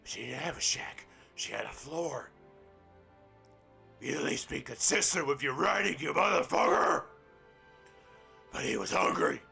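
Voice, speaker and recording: Man, gravelly fry, slow reading, crude profane jokes. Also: fairly high pitch, lively intonation, pushed and bright, faint music behind. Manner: crude mocking asides, profane. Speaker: gaming roleplay streamer. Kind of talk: reading a book aloud with commentary.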